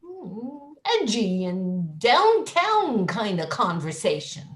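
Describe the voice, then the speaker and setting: A woman's voice: medium pitch, big pitch swings, takes it slowly, echoey room. A woman voicing a pushy, sardonic woman on a stoop, read as improvised comedy over a video call. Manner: pushy, sardonic street heckling.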